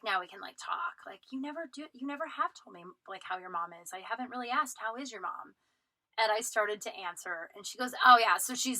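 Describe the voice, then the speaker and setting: Bright, sharp-voiced woman telling a story. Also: on the high side, no echo, low-quality recording. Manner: animated retelling, acts out quotes, frequent "like" fillers, swears freely. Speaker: podcast host. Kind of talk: casual storytelling monologue.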